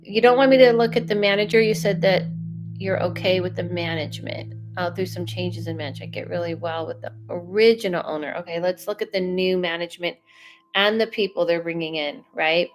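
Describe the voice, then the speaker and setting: A woman's voice: fairly low pitch, brisk, soft background music. A young adult woman doing a live psychic reading, chatting casually and animatedly, often breaking off mid-sentence. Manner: chatty and animated, self-interrupting. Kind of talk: casual livestream chat.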